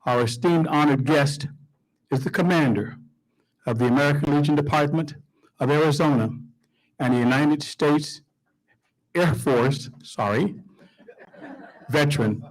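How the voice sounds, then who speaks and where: A master of ceremonies introduces the next speaker at a formal event. His voice sits a bit high, and his manner is formal with light joking. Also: moderate pace, pauses often, rough recording.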